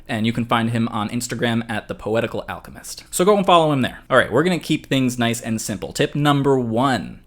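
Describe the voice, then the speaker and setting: A man's voice: mid-range voice, lively intonation, a little fast, few pauses, a bit bright. Chatty man teaching music online. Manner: chatty, explanatory, with joking asides. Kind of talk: casual online music lesson.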